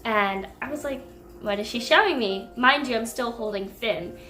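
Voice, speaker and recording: A young woman telling a pet rescue story to camera in a casual, animated way, breaking into indignant outbursts. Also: on the high side, moderate pace. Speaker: pet vlogger. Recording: echoey room with faint music.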